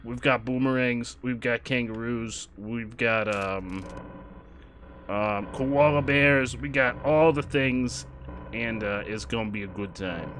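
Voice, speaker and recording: A man voicing a brash cartoon critter in an exaggerated, put-on Australian accent, hamming it up loudly. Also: mid-range voice, slow pace, a little hiss or hum. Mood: boisterous. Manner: boisterous, loud hamming showman.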